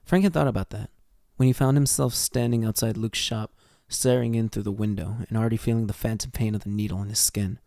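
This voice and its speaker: A man's voice: lowish voice, fairly even intonation, brisk, creaky, few pauses, dark tone, dry recording, clean studio sound. An American man reading a fan fiction story aloud on a stream, swearing freely and stumbling over words as he reads. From United States.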